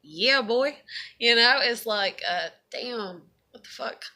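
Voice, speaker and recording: A woman's voice: a little high, slow, pushed and bright. A woman talking casually to camera in a confessional vlog, rambling with lots of fillers and swearing. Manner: rambling, profane, many fillers. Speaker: vlogger.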